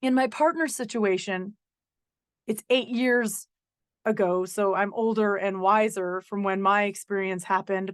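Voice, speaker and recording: Middle-aged woman podcast host, earnest personal monologue with sarcastic asides, slightly high voice, dry close recording. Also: fairly bright tone, no room sound.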